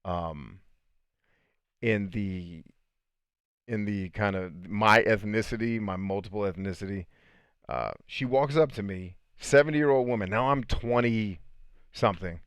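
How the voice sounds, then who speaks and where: Brief: relaxed male host, storytelling, low voice, dry close sound. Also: measured pace, clear, resonant tone, no echo. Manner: laid-back, storytelling, reading viewer comments aloud. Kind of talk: casual live stream chat.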